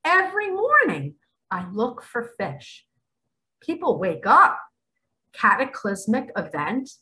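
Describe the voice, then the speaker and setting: A woman's voice: mid-range voice, big pitch swings, slow, pushed and bright, poor audio. A middle-aged woman giving impassioned spiritual commentary, emphatic and dramatic, sometimes dropping to a whisper. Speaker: spiritual vlogger.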